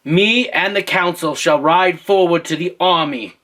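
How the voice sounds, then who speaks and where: A man's voice: on the high side, measured pace, sharp tone, voice pushed up. A man voicing a bookish, earnest young king in a put-on British accent, speaking stiffly and formally. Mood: determined.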